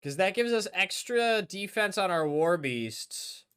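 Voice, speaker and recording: A young man streaming a game live, chatting casually and thinking aloud, often trailing off quietly. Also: high voice, expressive, unhurried, smooth.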